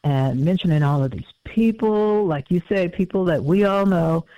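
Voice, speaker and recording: A man in his fifties, a musician talking as a guest in a casual interview, reflective and halting with many fillers. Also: sits high, no room sound. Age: 50s. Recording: dull lo-fi audio.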